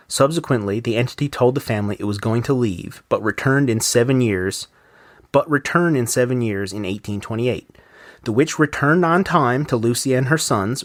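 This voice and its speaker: A man in a podcast reads a ghost story aloud, then drops into casual, swearing commentary between passages. His voice sits at a middle pitch. It is recorded close and dry, with no room sound. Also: dry recording.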